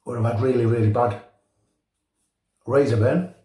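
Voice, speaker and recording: A middle-aged man with a Liverpool accent talks in a chatty, jokey way, telling stories between chuckles. His voice is mellow and dark in tone. It echoes off the hard walls of what sounds like a bathroom. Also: medium pitch, steady tone, moderate pace. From North West England. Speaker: shaving channel host. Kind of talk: casual chat while shaving. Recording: echoey room.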